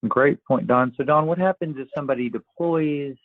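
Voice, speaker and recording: A man's voice: on the high side, moderate pace, dry recording. Male webinar host, polite with filler ums; thin phone-quality line, dry. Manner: polite, hesitant with many ums. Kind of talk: hosting a webinar.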